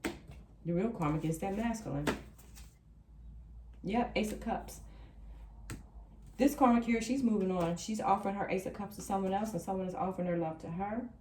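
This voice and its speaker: A woman's voice: medium pitch, brisk, dark tone, distant mic, a little hiss or hum. A woman giving a casual tarot reading, blunt and slangy, repeating phrases for emphasis. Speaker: tarot reader. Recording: echoey room.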